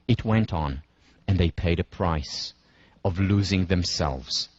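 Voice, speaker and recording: A man delivers a university lecture in a husky, somewhat breathy voice. He talks deliberately and stresses his points by slowing down. The sound is dry and a little dull, like a muffled classroom recording. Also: lowish voice, a little mellow, no room sound. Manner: walks listeners through scenarios step by step.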